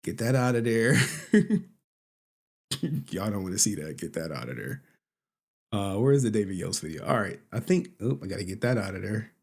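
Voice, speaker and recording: A man's voice: fairly low pitch, fairly quick, a little mellow. A man hosting a casual livestream, laughing often, joking and swearing as he talks. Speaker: streamer host.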